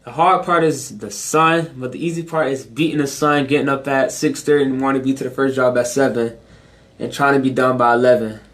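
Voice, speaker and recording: A man's voice: medium pitch, steady tone, a little fast, a bit bright. A teenage guest, polite and brief, answering questions about his lawn business with "yes, ma'am.". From Savannah, Georgia. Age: teens. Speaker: guest, young business owner.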